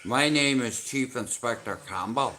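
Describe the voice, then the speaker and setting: A man's voice: medium pitch, unhurried, sharp tone. A man putting on a stern police chief inspector.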